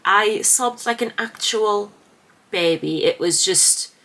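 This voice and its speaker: A woman chatting casually in a reading vlog, gushing with animated reactions. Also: mid-range voice, slow. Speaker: book vlogger.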